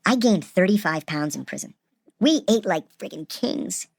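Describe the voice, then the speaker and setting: A man casually telling a personal story, animated and acting out the people he quotes. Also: high voice, normal speed, vocal fry, dry recording, clean studio sound. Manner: animated, acts out quoted voices.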